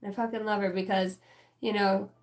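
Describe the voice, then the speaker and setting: Brisk and a little mellow, this woman's medium-pitched voice has a flat delivery. She's a spiritual channeler speaking straight to her listeners in a chatty, wandering reading, cursing freely along the way.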